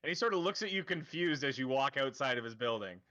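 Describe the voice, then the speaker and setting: Bright-voiced man running a tabletop game. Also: medium pitch, expressive, quick pace, muffled recording. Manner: rambling, self-correcting, laughs often. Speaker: dungeon master.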